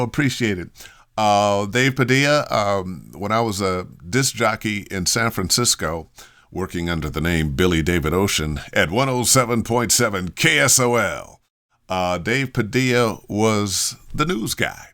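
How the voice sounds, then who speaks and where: A middle-aged man giving voice acting advice in a relaxed, thinking-aloud way, full of fillers and restarts. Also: on the low side, normal speed. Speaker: voice acting coach answering questions. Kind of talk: casual advice talk.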